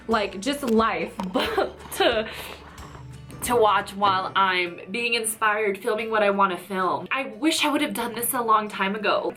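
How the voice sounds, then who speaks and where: Bright, chatty woman in her thirties vlogging from her office, rambling and heartfelt, faint music underneath. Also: mid-range voice. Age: 30s. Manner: chatty, rambling and emotional, often saying "you know". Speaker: YouTuber. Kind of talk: casual chat to camera. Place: tenth-floor office.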